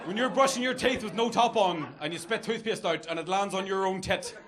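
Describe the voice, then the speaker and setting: Northern Irish comic, fairly high voice, crude self-mocking banter, loud laughing crowd in a club. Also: male voice, a little fast. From Northern Ireland. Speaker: stand-up comedian. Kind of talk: stand-up comedy set. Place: comedy club stage, laughing audience. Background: audience laughter.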